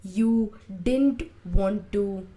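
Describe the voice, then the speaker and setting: A young woman speaks alone on her reflective podcast, slow and drawn-out at a middle pitch. She's emotive, and when she acts out what people think while in pain, her voice suddenly swells much louder.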